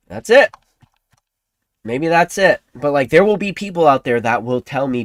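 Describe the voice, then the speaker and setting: Excitable ranting male livestreamer. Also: on the high side, takes it slowly, long pauses, no echo. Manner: excitable, laughs often, swings between loud outbursts and hushed asides. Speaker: livestream host.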